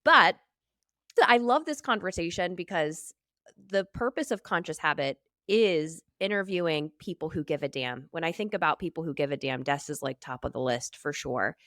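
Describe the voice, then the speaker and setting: A woman's voice: low voice, lively intonation, moderate pace, a bit bright, no echo, clean studio sound. A woman hosting an interview podcast, telling a short parable and asking reflective, probing questions. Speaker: podcast host. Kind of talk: conversational interview.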